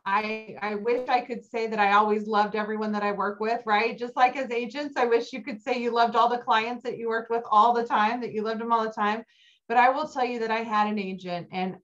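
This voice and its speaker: Woman, middle-aged, keynote speaker, animated storyteller, slightly high voice, muffled lo-fi sound. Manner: animated storytelling, rising high when excited. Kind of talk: motivational keynote talk. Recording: dull lo-fi recording.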